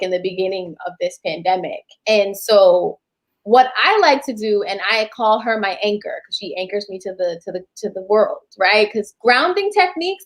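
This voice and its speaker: A woman guest talking casually and openly about coping, lively and acting out little quoted lines. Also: medium pitch, low-quality recording. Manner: chatty, animated, acts out quotes. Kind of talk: casual livestream chat.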